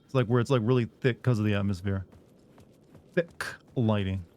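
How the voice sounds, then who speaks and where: A man's voice: fairly low pitch, normal speed, a little mellow. A man casually commenting as he plays a game on stream, rambling and cracking crude jokes to his chat.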